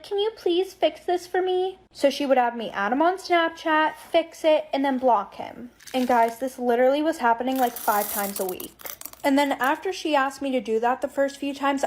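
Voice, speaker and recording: A woman's voice: high-pitched, no room sound, poor audio. A young woman telling a personal storytime in a blunt, profane, chatty way. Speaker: storytime TikToker. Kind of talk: casual storytime monologue.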